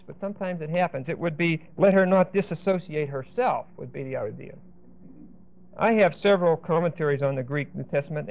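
A man with a fairly high voice leads a Bible class, explaining each point and pausing to check that the class is following. The recording is dull and muffled, with the top end rolled off. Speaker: Bible teacher.

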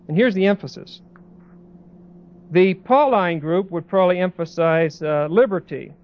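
A man preaching a Bible sermon in a conversational way, with many pauses and restarts, as a pastor. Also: sits high, muffled recording.

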